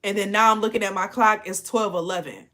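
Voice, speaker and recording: A woman's voice: medium pitch, steady tone, fairly quick, sharp tone. A sleepy woman hosting a casual late-night spiritual message, chatty and profane, calling her listeners y'all and laughing often. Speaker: spiritual channel host.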